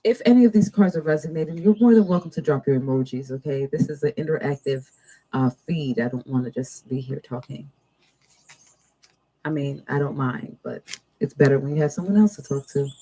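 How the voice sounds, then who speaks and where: Woman tarot reader hosting a live stream, very dark mellow tone, slow drawn-out card messages with chatty asides. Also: deep voice, rough recording. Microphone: two cameras.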